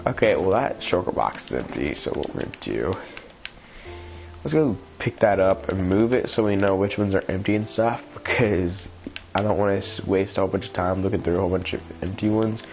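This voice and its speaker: Congested low-voiced man talking through gameplay. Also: brisk, faint music behind. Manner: rambling, thinks aloud with many ums and restarts. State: congested, a little rough. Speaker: gaming channel host. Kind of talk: casual gameplay commentary. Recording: slightly dull lo-fi sound with faint noise.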